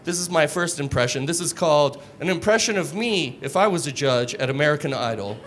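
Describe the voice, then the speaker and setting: Fairly high-voiced male comic, deadpan and crude, live club, audible room noise. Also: fairly quick. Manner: deadpan, crude, self-mocking delivery. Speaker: stand-up comedian. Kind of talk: stand-up comedy set. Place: comedy club stage.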